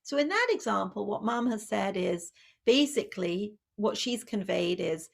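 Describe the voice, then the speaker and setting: A woman's voice: mid-range voice, expressive, moderate pace, vocal fry. A woman, a child psychologist and author, giving a conversational public talk on parenting, with many fillers and self-corrections.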